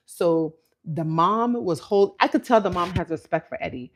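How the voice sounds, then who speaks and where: A woman's voice: mid-range voice, normal speed. A woman talking casually as host of a reality TV recap, telling the story with animation and acting out what people said. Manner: animated storytelling, mimicking quotes. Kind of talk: casual commentary.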